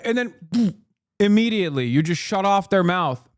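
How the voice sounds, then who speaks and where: A man's voice: high voice, animated, moderate pace, dry recording, clean studio sound. A man streaming political commentary, ranting heatedly and sarcastically with plenty of profanity. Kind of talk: live-stream rant commentary.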